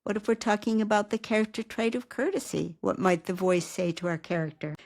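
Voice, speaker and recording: A woman who teaches writing, giving a calm, measured recorded lecture and asking rhetorical questions. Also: medium pitch, gravelly. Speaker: writing instructor.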